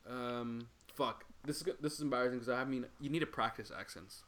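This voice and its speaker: Man, podcast co-host, bright tense voice, loose rambling chat. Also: medium pitch, fast. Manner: rambling, swears often, self-correcting. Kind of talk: casual chat. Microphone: video call.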